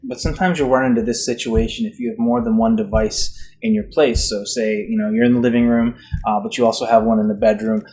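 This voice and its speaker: A man's voice: mid-range voice, fairly even intonation, quick pace, a little mellow, a little hiss or hum. A man vlogging, telling a casual comic story in a rambling, self-mocking, exasperated way.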